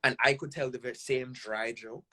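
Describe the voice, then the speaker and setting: A man's voice: medium pitch, fairly even intonation, a little fast, bright, forceful tone. A Jamaican man from Jamaica, a content creator guest on a podcast, talking casually and animatedly, with lots of emphasis and frequent "right?" check-ins. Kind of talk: casual interview talk.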